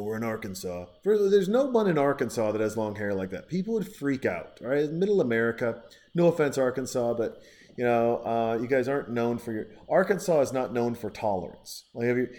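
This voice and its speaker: A man hosting a podcast, chatting casually in a rambling, profane way and giving shout-outs to listeners. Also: medium pitch. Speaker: podcast host.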